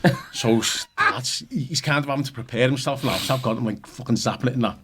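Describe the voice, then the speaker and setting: A man's voice: medium pitch, quick pace, a bit bright, breathy edge. A middle-aged man, a podcast guest telling rambling, sweary anecdotes full of "you know what I mean". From Liverpool, England. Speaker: podcast guest, former goalkeeper. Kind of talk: casual storytelling chat.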